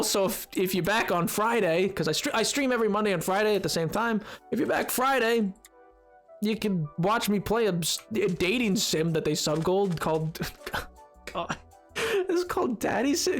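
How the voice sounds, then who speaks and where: A man's voice: sits high, a bit bright. A man streaming a game live, chatting casually with his viewers in a rambling way and laughing often.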